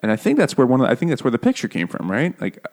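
A man's voice: mid-range voice, wildly swooping pitch, rapid-fire, a little mellow. A man co-hosting a book club podcast in casual chat, joking, swearing freely and laughing often.

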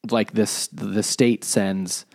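A man's voice: fairly low pitch, level tone, takes it slowly, gravelly. A man co-hosting a book club podcast, explaining the plot in casual, rambling detail. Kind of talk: casual chat.

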